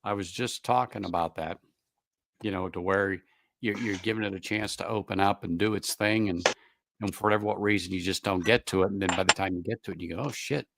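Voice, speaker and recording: A man hosting a live stream, chatting casually over a whiskey tasting on a video call, relaxed and stumbling into restarts. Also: low voice, fairly quick, creaky, slight background noise.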